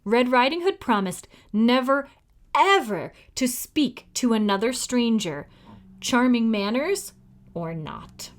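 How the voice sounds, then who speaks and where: A woman librarian hosts a children's storytime, reading a fairy tale with lots of expression and stopping to ask the children questions. Her voice is fairly high and very lively, and she keeps a slow, patient pace. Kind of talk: children's read-aloud storytime.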